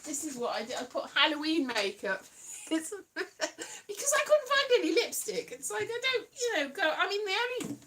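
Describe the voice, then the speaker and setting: A woman's voice: extremely high pitch, big pitch swings, normal speed, bright, forceful tone, slight background noise. A woman hosting a casual livestream from home, rambling and self-deprecating, now and then singing her lines. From Wales. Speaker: livestream host.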